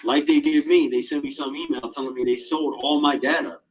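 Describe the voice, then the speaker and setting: Husky, fairly high-voiced man, agitated and profane, with a lively, swinging delivery. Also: fairly quick, muffled recording. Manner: agitated, profane, heavy swearing. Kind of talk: casual monologue.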